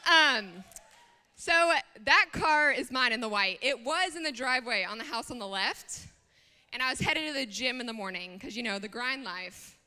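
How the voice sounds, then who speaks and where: A woman's voice: a little high, lively intonation, moderate pace, sharp tone, big-room sound. A young woman, a student speaker, telling a chatty personal story in a youth talk, with many fillers.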